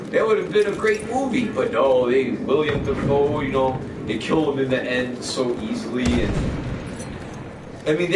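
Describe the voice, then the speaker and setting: Male game streamer, mid-pitched, rambling and foul-mouthed, heard from a distant mic in an echoey room with background hiss. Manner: rambling, profane, opinionated. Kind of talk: casual gaming livestream chat.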